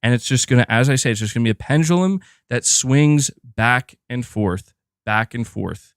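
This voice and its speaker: Male streamer host, mid-pitched, loose animated rant full of fillers and cursing, dry booth sound. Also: normal speed, smooth, no echo. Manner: animated rant, heavy filler words, swears freely. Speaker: gaming podcast host. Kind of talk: casual livestream commentary.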